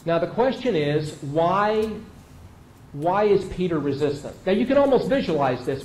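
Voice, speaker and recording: Conversational preacher man, slightly high voice. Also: a little mellow. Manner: conversational, vivid storytelling with emphatic repeats. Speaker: pastor. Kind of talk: sermon. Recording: echoey room with faint noise.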